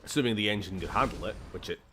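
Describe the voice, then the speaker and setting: Racing through casual gameplay commentary, a man with a Scottish accent swears, laughs a lot and swings between tones while he streams. His voice is fairly low in pitch and a bit bright, and there's slight background noise.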